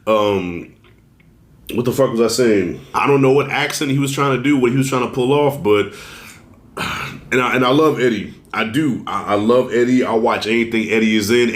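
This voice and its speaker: A man giving a loose, conversational movie review, swearing now and then and talking to viewers as y'all, fighting a cold and clearing his throat. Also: mid-range voice, normal speed, reverberant. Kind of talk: casual spoken film review.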